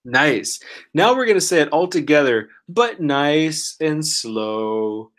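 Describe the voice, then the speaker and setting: A man teaching pronunciation one-on-one, encouraging and full of praise, modeling each word very slowly while sick and clearing his throat. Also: fairly high pitch, expressive, fairly bright tone. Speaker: language teacher.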